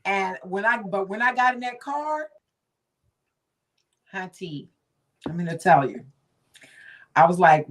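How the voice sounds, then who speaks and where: A woman's voice: mid-range voice, expressive, takes it slowly, long pauses, recorded from a distance, poor audio. Chatty woman host, a bit off-mic. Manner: chatty, affirming, laughs often. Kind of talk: casual chat.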